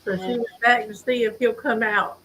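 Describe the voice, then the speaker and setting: A woman chatting casually while tasting food, relaxed and savoring each bite. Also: a little high, a little hiss or hum, low-quality recording. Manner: slow, relaxed, savoring with hums.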